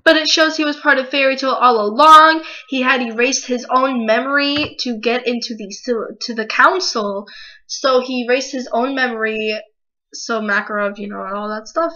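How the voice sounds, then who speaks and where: A woman reviewing a manga chapter in a casual video, emotional and excitable, swearing freely. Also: a little high, slight background noise. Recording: dull lo-fi recording.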